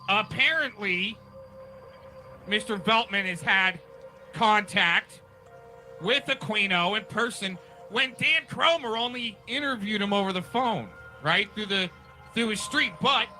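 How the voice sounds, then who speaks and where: Male stream host, rambling and conspiratorial, high pitch, sharp bright tone. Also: poor audio. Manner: rambling, conspiratorial, talks over the clip. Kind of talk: casual commentary on a restreamed clip.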